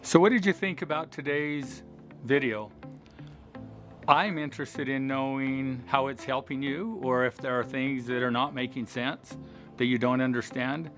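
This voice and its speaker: A man's voice: mid-range voice, steady tone, a little slow, a bit bright, soft background music. A middle-aged man giving an earnest motivational talk, explaining with personal stories and questions to the viewer. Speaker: life coach.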